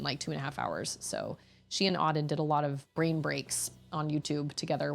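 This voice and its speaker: A woman in her thirties hosts a casual stream chat, her voice low and full of gravelly fry. She rambles warmly from one thought to the next, restarting sentences often. Faint game music plays underneath. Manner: rambling, chatty, with frequent restarts and laughter.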